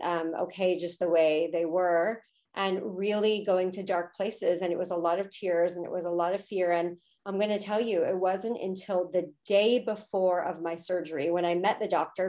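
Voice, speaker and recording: A woman's voice: on the low side, mellow. A woman in her thirties, a podcast guest, telling a personal story in a candid, emotional way with frequent fillers. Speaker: podcast guest, spiritual teacher.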